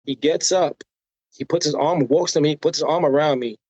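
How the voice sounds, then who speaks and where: Speaking at normal speed with a voice on the high side yet darkish in tone, this American podcast guest tells lively personal stories, voicing the people he quotes and often adding "right?" to pull the listener in. The recording is dry and lo-fi.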